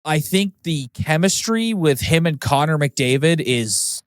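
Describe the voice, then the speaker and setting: A man's voice: fairly high pitch, animated, measured pace, dry recording, studio quality. Casual man breaking down hockey. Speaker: podcast co-host.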